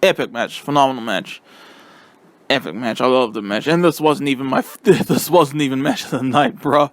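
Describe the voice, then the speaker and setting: A young man casually reviewing a wrestling event, excitable and rambling with lots of fillers. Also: mid-range voice, fairly quick.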